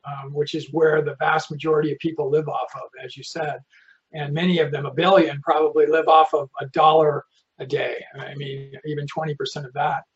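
A man's voice: a little high, lo-fi sound. A man hosting a live online session, reading out audience questions with friendly, rambling asides.

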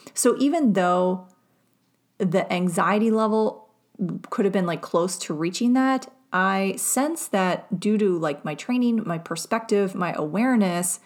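A young adult woman, a podcast host and nervous system coach, telling a personal story in a rambling, self-reflective way with many fillers. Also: mid-range voice.

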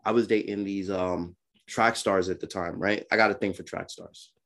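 A man's voice: sits low, moderate pace. A young man from Brooklyn, co-hosting a podcast and telling casual stories with laughs and acted-out quotes. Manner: animated, laughing, acts out voices in quotes. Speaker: podcast co-host. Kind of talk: casual storytelling chat.

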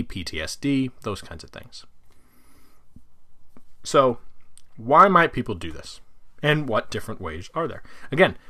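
A man hosting a casual solo podcast, talking in an animated way and jumping into side tangents. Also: lowish voice. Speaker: podcast host.

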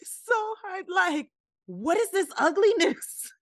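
High, lively woman co-hosting a podcast. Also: takes it slowly, no echo. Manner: animated, laughing, drawling "y'all". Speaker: podcast co-host. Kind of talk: casual faith chat.

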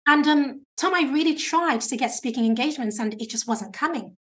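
Woman, high voice, animated interview guest giving speaking advice. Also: fairly quick. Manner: animated, chatty, self-described natural talker.

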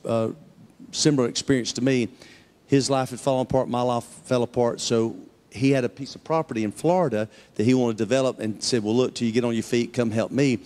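A man's voice: mid-range voice, a little fast. A man, a pastor telling his own testimony in a sermon, acting out the voices of the people in his story. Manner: storytelling, acting out quoted voices, rising to excited peaks.

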